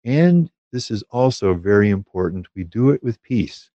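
A man giving a calm, measured spiritual teaching on prayer, with small fillers and restarts. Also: lowish voice, dry recording, dull audio.

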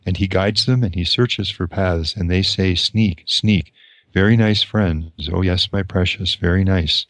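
A man's voice: low voice, unhurried, fairly bright tone, dry recording. A man voicing a wheedling, bitter old creature who hisses and whines. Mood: resentful. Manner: hissing, whining.

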